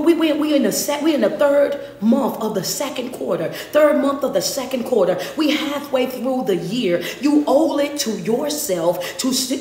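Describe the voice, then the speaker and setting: A woman's voice: sits high, reverberant. A woman life coach giving a blunt, scolding live-stream motivational talk, egging on her viewers. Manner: blunt, scolding, with call-and-response.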